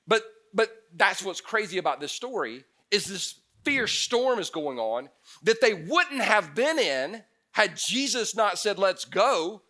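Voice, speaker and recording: A male pastor delivers a sermon with a bright, forceful tone and a voice sitting a little high for a man. He preaches in an animated way, swinging from loud exclaiming to quiet, intense passages. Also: unhurried.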